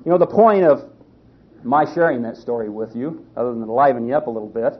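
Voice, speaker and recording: A man preaching a sermon in a folksy storytelling way, often halting and restarting his sentences. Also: medium pitch, a little hiss or hum. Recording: dull lo-fi recording.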